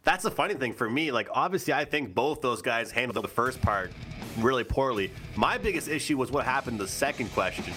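A co-host with a bright, forceful voice lays out his view in a measured, reasoning way. A faint music bed plays under his talk. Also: medium pitch, animated. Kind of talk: casual sports discussion.

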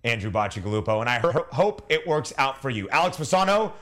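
A man hosting a sports betting talk show, his pitch swinging up and down a lot as he moves through picks. He speaks briskly, with teasing banter. The delivery is upbeat radio hosting. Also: sing-song, fairly bright tone.

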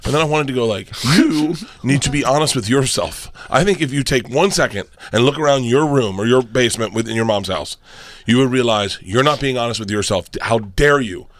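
A man telling loud, laughing stories as a guest on a casual podcast. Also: mid-range voice, brisk, no room sound. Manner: loud storyteller, laughs while talking. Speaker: guest comedian.

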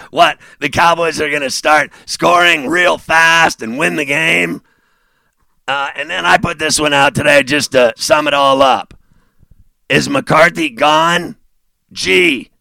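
A male sports radio host delivering a sarcastic monologue, mocking and laughing, dropping low and then bursting out loud. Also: vocal fry, no room sound.

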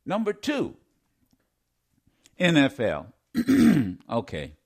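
A middle-aged man hosting a call-in radio talk show, his voice slightly hoarse, talking in an emphatic, rambling way with repeated phrases. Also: fairly high pitch, wildly swooping pitch, very slow, darkish tone.

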